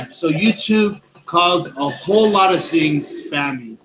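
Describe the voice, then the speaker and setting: A man hosts his own show, speaking loudly right into a close microphone. His voice sits a little high, and he stops often for ums and uhs. Clear music plays behind him the whole time. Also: low-quality recording. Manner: loud, speaks close to the mic, hesitant with fillers. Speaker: host of a paranormal news show. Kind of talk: casual solo show talk. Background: background music.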